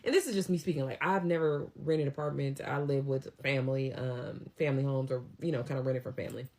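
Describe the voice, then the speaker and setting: A woman's voice: a bass voice, fairly even intonation, quick pace, darkish tone. A young woman casually telling a story, chatty and quoting people as she goes. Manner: chatty, retells scenes with quoted voices.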